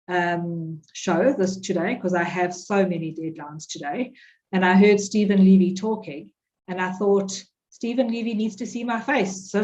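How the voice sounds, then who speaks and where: A woman accountant sharing a heartfelt message in a casual online chat. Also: mid-range voice. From South Africa. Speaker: accountant and guest. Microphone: video call. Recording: dull lo-fi sound.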